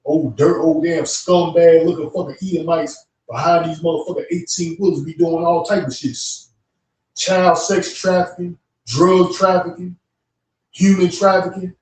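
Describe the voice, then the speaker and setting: A man's voice: on the high side, flat delivery, moderate pace, a little mellow, distant mic. A man co-hosting a religious stream, ranting heatedly with constant profanity. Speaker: co-host. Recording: echoey room, away from the mic.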